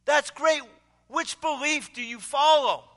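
A man voicing a big, burly, jovial male pastor who talks in an effusive, booming way, with long reverb around him. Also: slow pace, bright, forceful tone, exaggerated voice.

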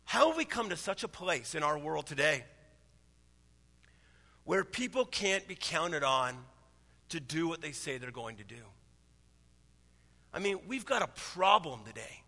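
A man's voice: fairly high pitch, expressive, a little slow, pauses often, bright, forceful tone, big-room sound. A man in his thirties, a pastor preaching a sermon in a conversational, storytelling way. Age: 30s.

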